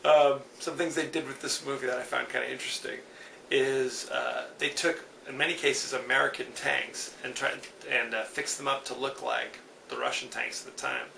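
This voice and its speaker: A man's voice: mid-range voice, level tone, moderate pace, vocal fry, bright, forceful tone. A man hosting a solo movie review podcast, talking casually with dry, wry asides. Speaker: podcast host. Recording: echoey room, distant mic, faint hiss.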